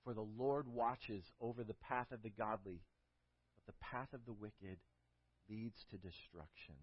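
A man preaching a sermon, telling a story with emphatic build-ups and closing in a quiet prayer, on a dull lo-fi recording. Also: lowish voice, unhurried, husky, no echo. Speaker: pastor.

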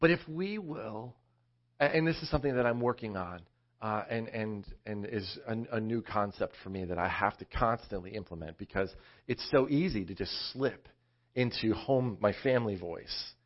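A man preaching a sermon in a conversational, animated storytelling way. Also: mid-range voice, dull audio. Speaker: pastor.

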